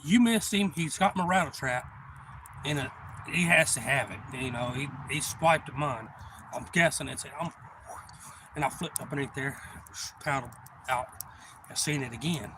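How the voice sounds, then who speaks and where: A man's voice: medium pitch, normal speed, long pauses. Rambling man on a noisy live stream. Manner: rambling and profane, with many fillers; gets loud and excited when retelling action. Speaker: channel host. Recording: noisy background.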